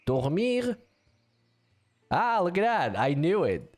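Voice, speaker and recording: A man's voice: high-pitched, huge pitch swings, takes it slowly. A man casting a live online game match, chatty and joking with his co-caster and the audience. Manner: chatty, joking, easily amused. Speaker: esports caster.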